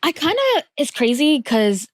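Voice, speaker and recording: A woman's voice: high voice, sing-song, a little slow, no room sound, studio quality. A young woman hosting a podcast, sharing her own experiences in casual, reflective chat and laughing often. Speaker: podcast host.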